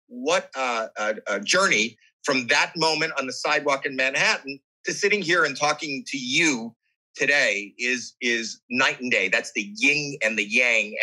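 Podcast guest, male, very bright and husky timbre, animated and earnest storyteller. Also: on the high side, poor audio. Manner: animated, acts out his own and others' voices; candid and earnest. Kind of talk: emotional personal storytelling in an interview.

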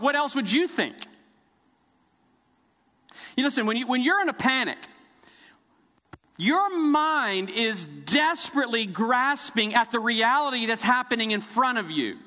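A middle-aged man preaching a sermon, telling the story vividly with dramatic pauses. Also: sits high, pushed and bright, long reverb tail. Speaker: pastor. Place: church sanctuary.

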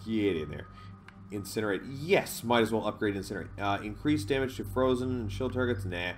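A man's voice: mid-range voice, brisk, soft background music. A man giving casual gameplay commentary, rambling, swearing and laughing often, reading menu options aloud. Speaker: let's play host.

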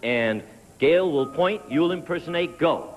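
A man's voice: a little high, animated. A man hosting a 1970s television game show, upbeat and jokey, walking contestants through their stunts on a studio stage. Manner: brisk, jokey, giving instructions to contestants. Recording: 1970s TV studio with long reverb and music.

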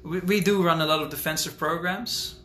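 Bright-voiced man chatting on a livestream. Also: a little high, steady tone, fairly quick, a little hiss or hum. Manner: rambling, talkative, thinks out loud. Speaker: author hosting a live Q&A. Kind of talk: casual livestream chat. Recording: roomy echo with faint ambience.

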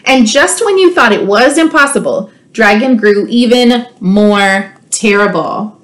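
A woman school librarian reading a children's storybook aloud, expressive and playful, with teasing asides to her listeners. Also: on the high side, measured pace.

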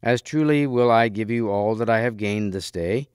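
A man's voice: fairly low pitch, normal speed, a little mellow, clear, resonant tone, dry recording, clean studio sound, close to an everyday voice. A man voicing a courteous young knight. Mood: earnest courtesy. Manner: earnest, formal old-fashioned speech.

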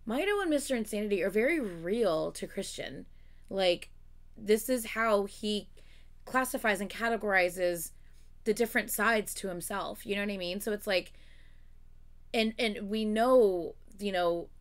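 A woman hosting a reaction video, gushing, exclaiming and swearing as she watches, excited and close to tears. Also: mid-range voice, a little slow. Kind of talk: casual reaction commentary.

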